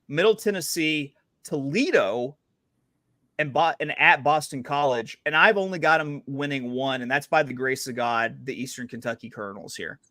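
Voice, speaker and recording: A man's voice: medium pitch, pushed and bright, no room sound, studio quality. A man hosting a casual sports betting chat, talking in a chatty, playful way with frequent fillers. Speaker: podcast host.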